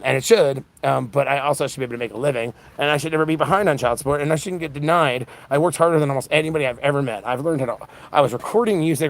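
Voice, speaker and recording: An exhausted man around forty rushes through a rambling monologue, his voice gravelly and low-edged. He jumps between thoughts, restarts sentences and piles on fillers. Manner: fast, scattered, many restarts and fillers. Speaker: independent political livestreamer. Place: outdoor punk festival.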